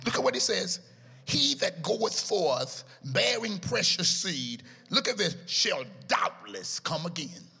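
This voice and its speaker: A man preaching a sermon in a chanting, sing-song style, his voice rising into shouts at its peaks. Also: high voice, sing-song, takes it slowly, gravelly, breathy edge. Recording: echoey hall with music behind.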